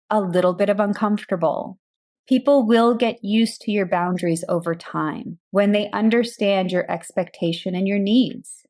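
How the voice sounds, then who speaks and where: A woman hosting a coaching podcast, speaking in a calm, direct scripted monologue with rhetorical questions. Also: medium pitch. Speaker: burnout and boundaries coach, podcast host.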